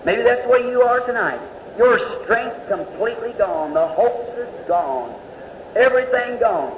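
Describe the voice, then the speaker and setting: A man's voice: very high-pitched, sing-song, unhurried, gravelly. A man preaching a revival sermon in a fervent, exhorting way, recorded in a church hall. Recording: echoey hall, dull lo-fi tape with faint hiss.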